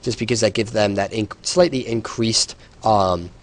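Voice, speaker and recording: A man's voice: lowish voice, moderate pace. A tired man giving solo play-by-play commentary on a strategy game, explaining the action with some hesitations. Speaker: esports caster.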